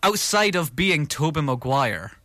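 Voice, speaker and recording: Bright-voiced British podcast co-host. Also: male voice, fairly high pitch, sing-song, measured pace, no echo. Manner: rambling, restarts with repeated words. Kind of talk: casual film news chat.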